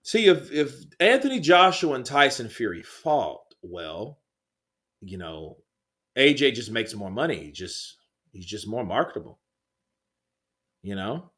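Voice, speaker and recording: A man's voice: mid-range voice, sing-song, a little slow, pauses often, fairly bright tone, husky. A man hosting a live boxing stream, reading viewer comments and chatting in a rambling, laid-back way with plenty of swearing. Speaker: livestream host.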